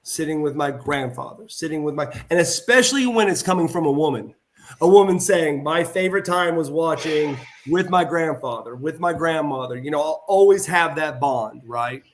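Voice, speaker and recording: A middle-aged man telling stories as a podcast guest, his voice sitting a little higher than most men's. He rambles warmly through anecdotes, stumbling and restarting, then leans into the retold dialogue with animated energy. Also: normal speed. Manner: animated, heartfelt delivery. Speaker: guest, former pro wrestler. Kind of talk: casual storytelling in a podcast interview.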